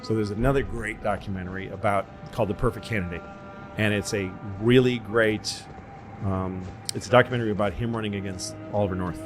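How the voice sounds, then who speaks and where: A man co-hosting a podcast, telling long rambling stories in casual chat, swearing freely and jumping into quick impressions. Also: on the low side. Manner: rambling, profane, jumps into impressions. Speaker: podcast co-host.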